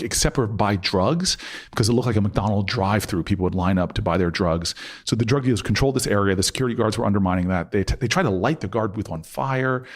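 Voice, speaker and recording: Lively storytelling man, low voice. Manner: acts out quoted dialogue, pitch leaping way up; frequent restarts and stammered repeats. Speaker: guest. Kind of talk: animated storytelling in a podcast interview.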